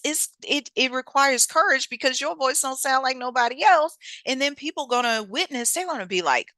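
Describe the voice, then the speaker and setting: A woman delivers a motivational self-help talk in a bright, forceful voice. Her pitch swoops in an animated way, and her delivery is preachy and colloquial. The sound is dry and close. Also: moderate pace, no room sound. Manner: lively and preachy, with colloquial speech and laughs. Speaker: host.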